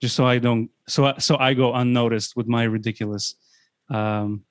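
A man's voice: medium pitch, steady tone, moderate pace, no echo, studio quality. A man hosting a sports podcast, talking in a casual, rambling way with many restarts. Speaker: podcast host. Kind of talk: casual chat.

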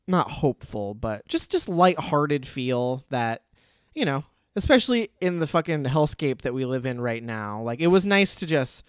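A man's voice: medium pitch, clean tone, no echo, clean studio sound. A man hosting a casual movie review chat, loose and profane, laughing often. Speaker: podcast host.

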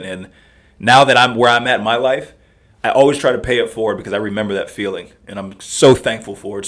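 A man in his thirties, a podcast guest telling stories in an animated way and laughing often. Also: fairly low pitch. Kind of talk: casual storytelling.

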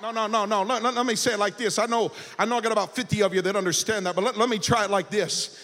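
A male pastor preaching a sermon, shouting in a sing-song cadence and stammering repeated words. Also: high-pitched, fairly even intonation, fast talker. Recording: reverberant church hall.

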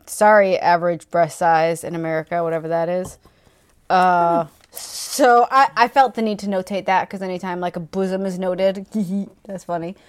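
A woman's voice: fairly low pitch, steady tone, normal speed, smooth. A woman co-hosting a casual book discussion, wry and giggly, often trailing off mid-thought. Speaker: podcast co-host.

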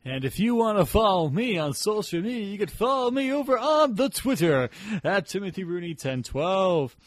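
A man's voice: high-pitched, very animated, normal speed. A man hosting a casual podcast, joking around and laughing as he signs off, sometimes hamming up a mock radio voice. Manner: jokey, laughs often, hams up a mock radio voice. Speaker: podcast host.

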